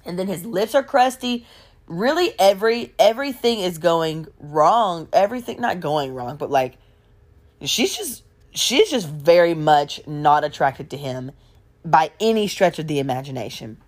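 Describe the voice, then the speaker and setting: A woman telling a gossipy story in casual storytime style, animated and laughing along. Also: fairly low pitch, measured pace.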